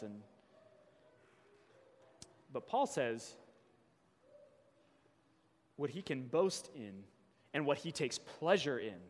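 Man preaching in a reverberant church. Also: mid-range voice. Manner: reads scripture slowly, then preaches with rising intensity. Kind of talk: sermon with scripture reading. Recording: long reverb of a church hall.

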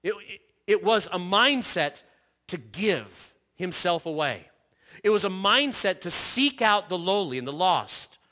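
A pastor with a high-sitting voice preaches an earnest sermon. He repeats phrases and restarts himself, and his voice drops softer whenever he quotes.

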